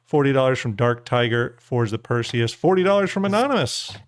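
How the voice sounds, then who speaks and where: A man's voice: medium pitch, lively intonation, a little fast, no echo, clean studio sound. A man hosting a charity livestream in casual chat, often repeating words as he thanks donors and reads out odds. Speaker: livestream host.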